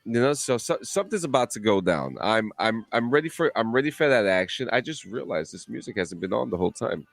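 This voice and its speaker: A man on a podcast telling a long gaming story in a casual, profane, animated way with many restarts. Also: fairly low pitch, brisk, creaky, few pauses, dry recording. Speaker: podcast co-host.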